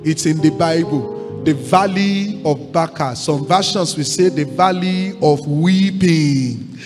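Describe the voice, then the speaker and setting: A man's voice: fairly high pitch, takes it slowly. A Nigerian man preaching a sermon as pastor, urging his congregation to repeat lines back to him with repeated declarations. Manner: exhorting, repetitive call-and-response with congregation. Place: large church hall. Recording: long church hall reverb, faint music.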